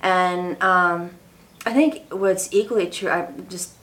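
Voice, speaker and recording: A woman co-hosting a podcast in casual chat, reflective and quick to affirm with "right". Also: fairly low pitch, steady tone, fairly bright tone. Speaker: podcast co-host.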